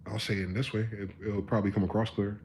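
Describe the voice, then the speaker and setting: A man's voice: on the low side, level tone, quick pace, slight background noise. Rambling profane man on a livestream. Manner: rambling and profane, drifting from quiet musing to loud ranting. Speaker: live-stream host. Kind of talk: casual live-stream monologue.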